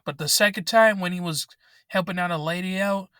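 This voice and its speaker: Swearing frequently, an angry and frustrated young man fires off a ranting vlog inside his parked car via laptop mic. His high voice is brisk, pushed and bright with a clean tone. The recording is dry and of studio quality.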